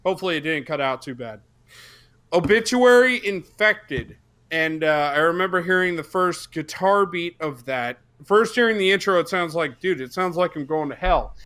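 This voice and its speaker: A young man telling a profane, excitable story on a casual podcast, bursting into shouts for the quoted parts. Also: on the high side, moderate pace, clear, resonant tone. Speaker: podcast co-host.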